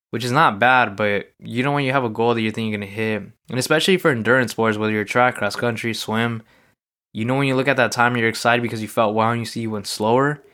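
A man with a smooth, clear voice at an ordinary middle pitch talks through a personal story on his own. He rambles casually and loosely and leans on everyday fillers. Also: a bit bright. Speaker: podcast host. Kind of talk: casual solo recap monologue.

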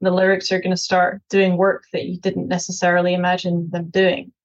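Scottish woman director musing out loud, lowish voice, kinda dull lo-fi sound. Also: monotone, a little fast. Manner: thoughtful, many restarts and fillers. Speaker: film director, interview guest. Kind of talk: reflective interview answers.

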